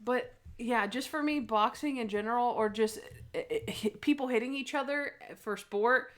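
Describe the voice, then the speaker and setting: Young woman, podcast co-host, casual chat, animated retelling, higher-pitched voice. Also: normal speed. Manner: animated, acts out scenes in quoted voices.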